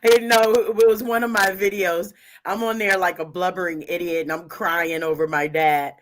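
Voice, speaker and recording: A woman's voice: lowish voice, fairly even intonation, normal speed. A woman co-hosting a morning talk show, chatting and laughing as she shares stories. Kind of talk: casual morning show banter.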